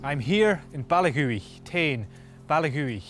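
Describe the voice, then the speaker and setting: A man's voice: fairly high pitch, animated, a little slow, a bit bright. Pun-loving man, music behind. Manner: punning, jokey, upbeat. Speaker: TV presenter teaching Gaelic. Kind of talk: playful presenting to camera.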